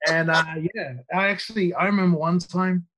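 A man's voice: high voice, steady tone, fairly quick, a bit bright. A man, a nightclub bouncer guesting on a podcast and telling stories in a loose, rambling way, swearing often and restarting his sentences. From New Zealand. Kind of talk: casual storytelling.

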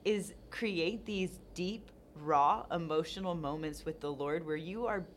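A woman's voice: fairly low pitch, a little slow, slight background noise. A woman in a casual faith conversation, talking earnestly and reflectively with frequent restarts.

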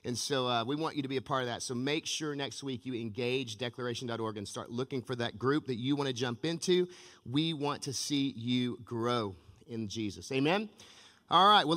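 A male pastor with a mid-range voice gives an energetic, emphatic sermon in a church sanctuary. A long church-hall reverb trails his words.

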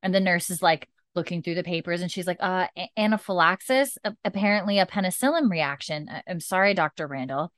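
Woman gabbing about a tv episode, acting out the lines, kinda low voice, dry close mic. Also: brisk, hardly any pauses, no room sound. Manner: animated retelling, acting out characters' lines, frequent "like". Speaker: podcast co-host recapping a TV episode. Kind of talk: casual chat.

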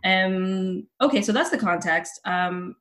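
A woman's voice: mid-range voice, slow pace, a bit bright. A woman in her thirties shares a personal story as a guest on an interview show, candid and conversational. She leans on casual fillers as she goes. Her voice comes through a remote call setup. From Los Angeles. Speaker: podcast guest, journalist.

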